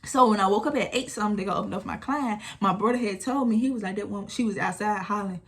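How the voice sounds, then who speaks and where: Animated young woman telling a storytime. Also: medium pitch, fast. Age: 20s. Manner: animated retelling, acting out quotes, frequent swearing. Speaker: storytime vlogger. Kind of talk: casual storytime chat.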